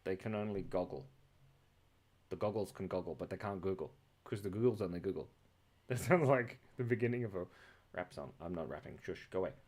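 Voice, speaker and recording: Sitting indoors at his computer, a man hosts a live drawing stream and chats casually in a playful, rambling way, jumping between random thoughts and often breaking off mid-word. His voice is low and darkish, and he speaks briskly.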